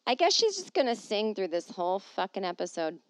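A woman hosting a comedy podcast from home, moving between reading aloud and quick sarcastic asides. Her voice sits at a middle pitch, and the animated delivery is recorded dry and close. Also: no room sound. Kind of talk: casual comedic monologue.

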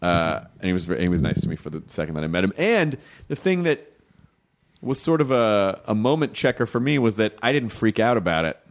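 Animated man telling a party story. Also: brisk. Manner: animated storyteller, jumps pitch for quoted voices. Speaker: podcast host. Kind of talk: casual chat.

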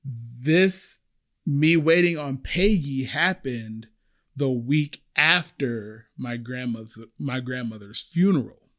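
A man's voice: medium pitch, slow. A young man hosting a podcast, telling a personal service-industry story and acting out the people in it. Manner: animated, acts out quoted voices. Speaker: podcast host.

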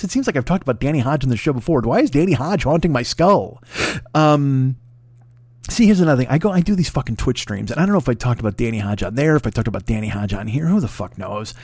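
A man's voice: mid-range voice, a little mellow, dry recording. A man hosting a podcast, rambling through a comedic monologue full of profanity and jokey asides. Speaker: podcast host.

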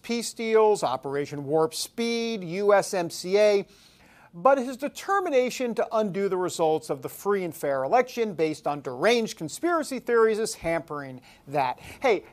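A man from New York hosting a talk show, joking and rambling, swinging between loud and soft. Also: sits high.

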